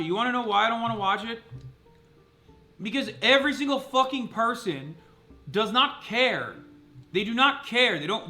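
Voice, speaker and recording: A man's voice: very high-pitched, animated, moderate pace, bright, forceful tone, faint music behind. A man streaming live, ranting heatedly at his chat and swearing freely. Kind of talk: livestream reaction rant.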